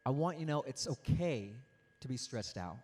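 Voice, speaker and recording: A young adult man giving an animated, interactive motivational speech to a youth audience, telling stories and acting out quotes. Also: mid-range voice, normal speed. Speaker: motivational speaker.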